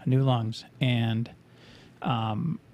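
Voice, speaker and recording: A man's voice: mid-range voice, extremely slow, a little mellow. A man co-hosting a podcast, chatting casually in a rambling, profane, joking way. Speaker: podcast co-host.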